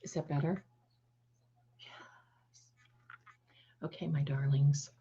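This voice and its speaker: A woman hosts a tarot livestream in a slow, unhurried way, chatting fondly with her viewers as her darlings. Her voice sits a little low and has a husky, breathy edge. The recording sounds dull and lo-fi. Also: a little mellow. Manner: affectionate, calls viewers "my darlings"; chatty, fiddling with her setup while talking. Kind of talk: casual live chat with viewers.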